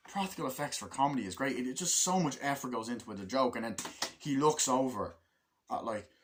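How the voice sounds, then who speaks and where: A man talks through a film he loves in a loose, rambling review. He gets excitable, leans on "like" constantly and swears freely, in a voice of ordinary middle pitch. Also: a little fast, a little hiss or hum. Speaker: movie reviewer. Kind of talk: casual movie review.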